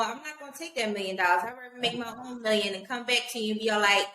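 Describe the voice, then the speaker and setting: A woman's voice: fairly high pitch, fast talker, few pauses, sharp tone. Emphatic woman podcast host, echoey room. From Baltimore. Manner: blunt and emphatic, acts out quoted retorts. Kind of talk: casual podcast chat.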